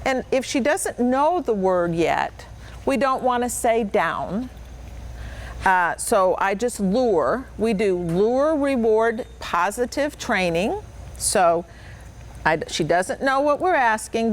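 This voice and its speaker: Lively, encouraging woman dog trainer. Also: fairly high pitch, slow. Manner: patient, encouraging, sing-song praise. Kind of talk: hands-on instruction to children.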